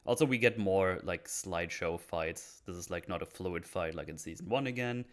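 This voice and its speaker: A man talking casually on a podcast, breaking down a TV episode, animated and swearing often. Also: low-pitched, normal speed. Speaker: podcast host. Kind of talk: casual show breakdown chat.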